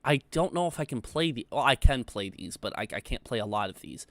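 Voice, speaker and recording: A young man talking casually to his stream chat in a loose, rambling way, with lots of "like" and "you know". His voice sits at a middle pitch and sounds close and dry, with no room echo. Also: brisk. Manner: rambling, relaxed, reads chat aloud, frequent fillers. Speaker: livestream host.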